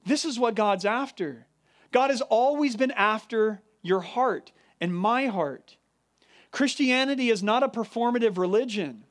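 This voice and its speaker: A man with a high voice delivers a sermon with earnest emphasis. He slows down to stress key words, then picks the pace back up. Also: expressive. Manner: earnest, emphatic preaching with deliberate slowed stresses. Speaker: pastor.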